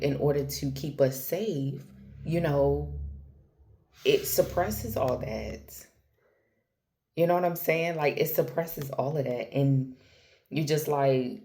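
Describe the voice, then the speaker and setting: A woman talking casually and from the heart to her viewers, slangy and personal, calling the listener girl and baby. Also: a bass voice. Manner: slangy, conversational, trails off and restarts; grows softer and more intimate toward the end. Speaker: spiritual vlogger. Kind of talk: casual heartfelt monologue to camera.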